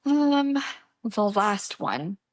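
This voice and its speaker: A woman's voice: mid-range voice, very animated, extremely slow, no room sound. A young woman co-hosting a podcast, chatting casually and laughing as she tells stories. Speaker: podcast co-host. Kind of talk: casual chat.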